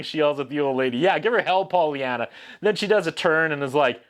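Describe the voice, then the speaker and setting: A man's voice: fairly high pitch, brisk, a bit bright. A man hosting a casual, comedic movie recap, with lots of sarcastic, wry asides. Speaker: film reviewer host.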